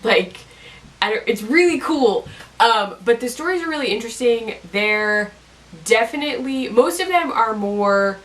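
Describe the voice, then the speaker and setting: A woman's voice: on the high side, animated, unhurried, fairly bright tone, recorded from a distance, low-quality recording. A young woman vlogger in casual chat about a podcast she likes, rambling with lots of fillers and self-corrections.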